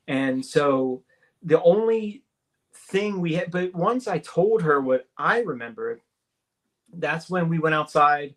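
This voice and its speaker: A man's voice: fairly high pitch, expressive, slow, a bit bright. A man, a radio show guest, telling a story casually and acting out the dialogue, with many restarts.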